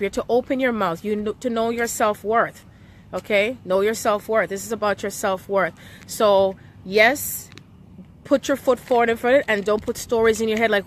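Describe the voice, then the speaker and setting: A woman's voice: fairly high pitch, fairly bright tone, a little hiss or hum. Emotional woman doing a spiritual reading. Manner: emotional, repeats "okay?" often. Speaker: spiritual reader. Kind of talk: live-streamed spiritual reading.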